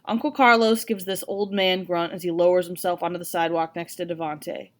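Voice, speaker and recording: A woman reading a novel aloud in an expressive, first-person narration. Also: lowish voice, a little fast. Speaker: audiobook reader.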